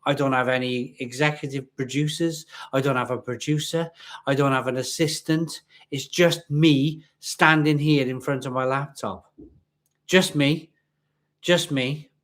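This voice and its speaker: A man's voice: medium pitch, steady tone, normal speed, fairly bright tone. Chatty man on a home livestream. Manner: chatty, repeats himself, talks to viewers. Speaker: beer reviewer livestream host. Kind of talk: casual live-stream chat. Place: at home in front of a laptop webcam. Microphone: laptop webcam.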